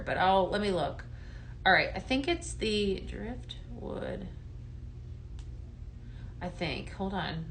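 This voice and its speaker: A woman hosting a live home-fragrance sales stream, chatting casually, greeting viewers by name and filling pauses with ums. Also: mid-range voice, bright, forceful tone. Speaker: live shopping show host.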